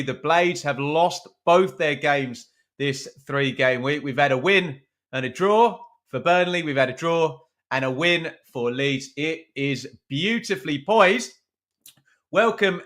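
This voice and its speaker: A man hosts a football watch-along live stream from his room at home. His voice sits a little higher than most men's, and he talks in a chatty, self-mocking way, reading out viewers' names. The sound is picked up at his computer. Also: fairly bright tone. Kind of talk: casual live-stream chat. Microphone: webcam stream at his computer.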